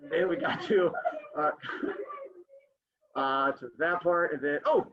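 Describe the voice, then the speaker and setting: A man's voice: fairly high pitch, slow pace. A male teacher reading a story aloud to his class over a video call, joking with the students between passages. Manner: playful, joking asides to students. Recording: dull lo-fi sound.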